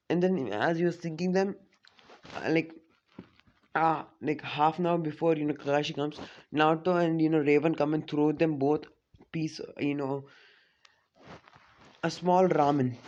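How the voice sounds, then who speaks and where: A man's voice: fairly high pitch, normal speed, darkish tone. A young man casually telling a fan-made story, rambling with many fillers. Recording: dull lo-fi recording.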